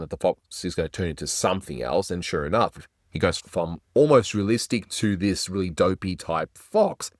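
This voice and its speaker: A man hosts a casual review of classic cartoons, chatty and enthusiastic. His voice is low. The recording is dry and close. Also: no echo. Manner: enthusiastic, chatty, does little voice impressions. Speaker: animation reviewer host.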